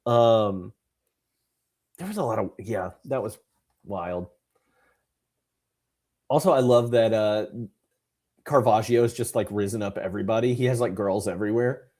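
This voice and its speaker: A man's voice: fairly low pitch, normal speed, pauses often, darkish tone. A man co-hosting a casual movie podcast, chatty and jokey, with lots of fillers. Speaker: podcast co-host. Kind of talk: casual movie review chat.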